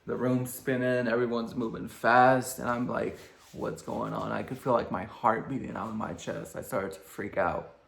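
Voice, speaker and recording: Young dude rambling thru a story, gravelly voice, mid pitch, kinda echoey room. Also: male voice, fairly even intonation, normal speed. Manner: laid-back, rambling, lots of fillers. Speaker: vlogger. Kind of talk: casual storytelling.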